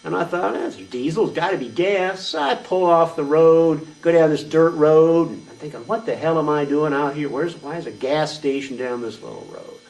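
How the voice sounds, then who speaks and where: A man's voice: on the high side, moderate pace, gravelly, hardly any pauses, darkish tone. A man playing a boastful, reckless redneck trucker, talking in a rambling, folksy, crude way in a comedic character monologue. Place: small venue stage. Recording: distant mic at open mic.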